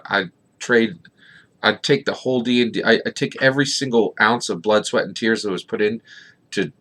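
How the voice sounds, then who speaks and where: A man's voice: mid-range voice, a bit bright. A middle-aged man from Philadelphia giving casual vlog commentary, rambling and often tagging his points with "right?". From Philadelphia, USA. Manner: rambling, keeps asking "right?", many fillers. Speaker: tabletop gaming YouTuber.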